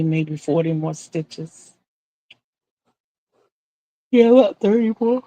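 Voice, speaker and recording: A woman's voice: sits low, slow, long pauses, dark tone. An older woman chatting casually on a live stream as she crochets, rambling and repeating herself.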